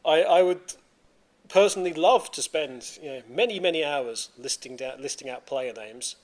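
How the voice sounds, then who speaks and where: A man's voice: a little high, moderate pace. A man hosting a casual podcast, rambling and restarting his sentences, laughing easily. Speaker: podcast host.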